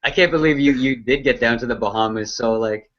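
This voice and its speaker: A man's voice: mid-range voice, brisk, a bit bright. A man co-hosting an online marketing broadcast, chatting casually in a loose, hesitant way full of fillers. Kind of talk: casual chat. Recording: dull lo-fi sound.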